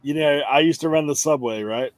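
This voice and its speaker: A man's voice: a little high, brisk, no room sound. A man chatting casually on a live stream, telling a long laid-back anecdote and laughing along the way. He comes from the United States. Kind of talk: casual chat, storytelling.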